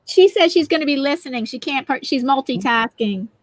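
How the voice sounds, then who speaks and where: A woman's voice: sits high, animated, fairly quick. A woman with a Lancashire accent hosting a live stream and reading out chat comments in a slightly flustered way. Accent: Lancashire English.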